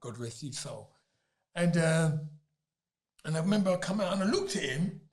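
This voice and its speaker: A man's voice: on the high side, expressive, moderate pace. A man, a guest telling stories animatedly and often breaking into laughter. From Britain. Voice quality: laughs often mid-story, loud emphatic bursts. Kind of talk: animated storytelling.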